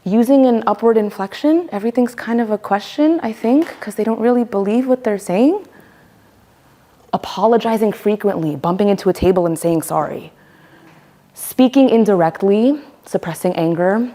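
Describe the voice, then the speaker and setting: A woman's voice: mid-range voice, normal speed, warm tone. A woman leading a voice workshop, speaking emphatically and demonstrating voices as she explains. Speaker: workshop leader. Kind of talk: teaching a voice workshop.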